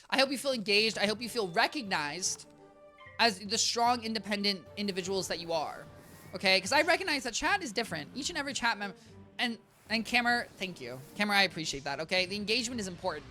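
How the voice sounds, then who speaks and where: A woman's voice: medium pitch, expressive, fairly quick, pushed and bright, faint music behind. A young woman streaming a game from her apartment, rambling playfully and talking straight to her chat. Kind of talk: casual gameplay chatter. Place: home apartment.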